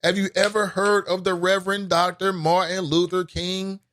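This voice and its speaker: A man's voice: sits high, little pitch movement, normal speed, fairly bright tone, dry recording. Casual talk-show host man, dry close mic. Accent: Cincinnati, Ohio. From United States. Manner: conversational, reacts with laughs and exclamations. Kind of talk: casual call-in talk show, reading comments.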